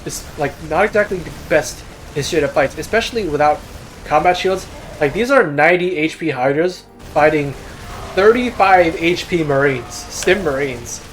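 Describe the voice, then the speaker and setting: A man's voice: a little high, lively intonation, normal speed, fairly bright tone, soft background music. A young man giving casual, self-deprecating solo commentary on a strategy game replay. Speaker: game caster.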